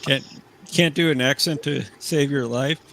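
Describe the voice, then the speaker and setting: A man's voice: medium pitch, unhurried, gravelly, fairly bright tone, a little hiss or hum, low-quality recording. A man on a casual stream, chiming in with dry, amused remarks.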